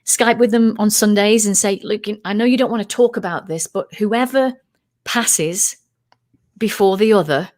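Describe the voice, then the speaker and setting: Here a British woman, a UFO researcher on as a guest, tells a story in a casual interview. Her voice is medium in pitch and normal in speed, and she's animated, putting on voices for the people she quotes.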